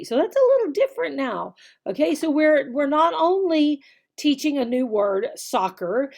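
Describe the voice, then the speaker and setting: A woman online English teacher explaining how to run a demo lesson, alternating her slow, exaggerated classroom voice with casual explanation. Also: on the high side, a little mellow. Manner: slow, exaggerated teacher talk to an imagined child.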